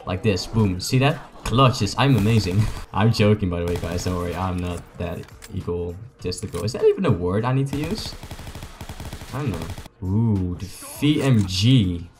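A young man, a native Dutch speaker, gives excitable, joking, rambling commentary to his viewers as he plays a video game. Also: low-pitched, moderate pace, slight background noise. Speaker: gaming YouTuber. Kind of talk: casual gameplay commentary.

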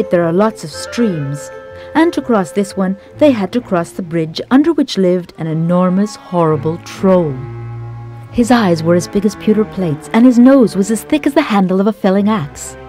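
A woman reading a scripted travel documentary narration in a measured storytelling manner. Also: mid-range voice, warm tone.

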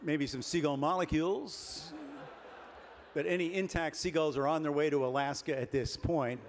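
An older man giving a comic keynote speech at a dinner, deadpan and wry, building his jokes with pauses. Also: a little high. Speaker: keynote speaker. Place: large banquet hall with a dinner audience. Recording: reverberant banquet hall, faint room noise.

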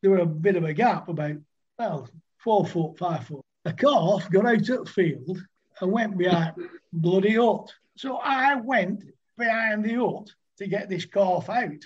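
A man's voice: high voice, unhurried, slightly rough, muffled recording. Older man telling rambling anecdotes. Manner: rambling anecdotes, laughs often. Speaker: guest, former cricketer. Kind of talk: casual storytelling.

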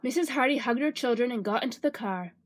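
A woman reading a children's storybook aloud in an expressive, sing-song way. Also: on the high side, fast, a little hiss or hum.

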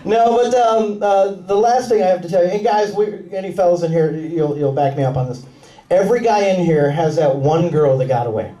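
A man doing a stand-up comedy set with a punchy, animated delivery and quick put-on voices. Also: high-pitched. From Mexican family roots. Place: comedy club on stage. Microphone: handheld stage mic. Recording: roomy club sound with laughing crowd, taken from far off. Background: audience laughter.

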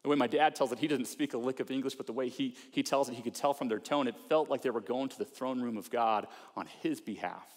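A man's voice: medium pitch, fast, few pauses, big-room sound. A man preaching a sermon as a pastor, speaking earnestly and conversationally and acting out heartfelt prayers. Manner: earnest, conversational preaching with acted-out prayers and mock self-talk. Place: large church auditorium.

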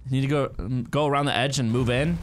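A young man giving live commentary while playing a game, excitable and quick to cheer and yelp at close calls. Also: medium pitch, a little hiss or hum. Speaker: gaming streamer.

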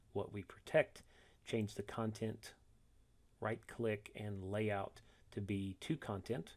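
A man walking through a software tutorial step by step, reading each instruction and then demonstrating it, correcting himself along the way. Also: on the low side, steady tone, slow pace. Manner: methodical, reads steps then demonstrates, self-corrects.

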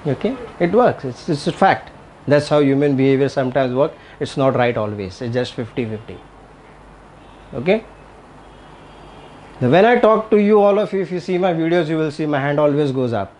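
A man's voice: on the high side, lively intonation, normal speed, a little mellow, slight background noise. Guy giving a tai chi talk to a room, emphatic, repeats himself a lot. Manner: emphatic, repetitive, checks in with "Okay?". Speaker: tai chi and qigong teacher. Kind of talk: live lecture to an audience.

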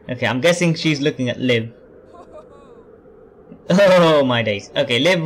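A man's voice: mid-range voice, animated, normal speed. A man giving casual gameplay commentary, rambling, joking and poking fun at himself while reading game dialogue. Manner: rambling, self-deprecating, joking. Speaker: let's play host.

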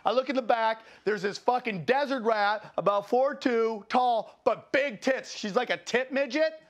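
A male stand-up comedian telling a crude, animated anecdote in an interview. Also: extremely high pitch, unhurried, dull audio. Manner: crude, animated, acts out voices.

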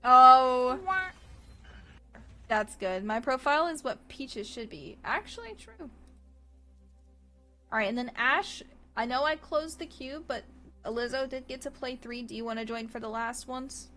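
A woman's voice: on the high side, unhurried, sharp tone. A woman streaming games, chatting casually with a playful, giggly manner and cutesy baby talk. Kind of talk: casual livestream chat. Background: faint background music.

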